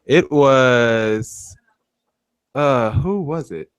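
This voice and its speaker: A man's voice: mid-range voice, extremely slow, clean tone, dry recording. A young man co-hosting a casual chat show, easygoing and plain-spoken. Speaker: podcast co-host.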